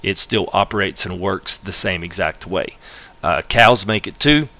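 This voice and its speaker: Deep gravelly male streamer. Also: measured pace. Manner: rambling, many fillers, friendly shout-outs to chat. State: slightly hoarse. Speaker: game streamer. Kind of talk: casual live-stream commentary.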